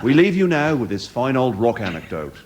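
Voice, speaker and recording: A man's voice: mid-range voice, fairly quick, very noisy. British man telling a comic anecdote. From Britain. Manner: animated, mock-dramatic storytelling. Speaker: comedy performer. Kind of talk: live comedy storytelling.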